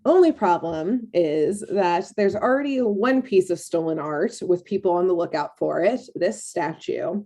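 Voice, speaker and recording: A woman's voice: lowish voice, expressive, a little slow, few pauses, warm tone. A woman co-hosting a podcast, recapping a cartoon episode in a loose, rambling way, full of fillers and laughter. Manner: rambling, filler-heavy storytelling with frequent laughs. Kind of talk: casual chat.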